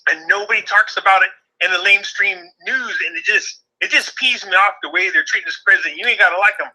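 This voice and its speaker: A man calling in to a live show who banters in an excitable, joking and emphatic way. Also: sits high, quick pace, poor audio. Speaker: caller. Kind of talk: casual call-in banter.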